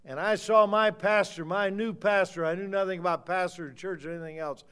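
An older man preaches with fire, his high, clear voice dropping to a low mutter and then rising to shouts. He leans on key words and stretches them out, pressing his point hard. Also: fairly even intonation, brisk. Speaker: pastor. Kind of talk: fiery sermon.

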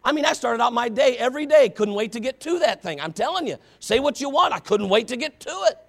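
A man's voice: extremely high pitch, lively intonation, fast, fairly bright tone. A pastor preaching a sermon to his congregation, talking straight at them in an impassioned, conversational way and pressing them with rhetorical questions.

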